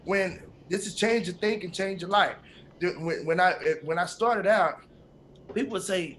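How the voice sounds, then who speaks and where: Male co-host, animated storyteller, slightly high voice, light background noise. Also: moderate pace. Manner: animated storytelling, acts out quotes. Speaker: podcast co-host. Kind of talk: motivational talk.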